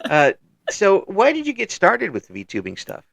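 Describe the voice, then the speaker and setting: A man's voice: high voice, creaky, fairly bright tone, no echo, muffled recording. An American man hosting a casual interview podcast, joking and laughing between lines. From United States. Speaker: podcast host.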